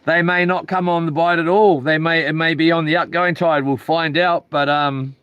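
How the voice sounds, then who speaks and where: On a houseboat out on the ocean, a vlogger with a New Zealand accent chats casually to camera in a rambling, slangy way, half talking to himself. He has a fairly high, clear, resonant voice with a steady tone and normal pace, though the recording sounds muffled.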